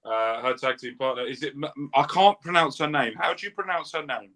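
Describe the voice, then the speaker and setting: Young man, bright voice, rambling chatty host. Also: mid-range voice, fairly quick. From England. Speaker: wrestling review show host. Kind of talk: casual chat.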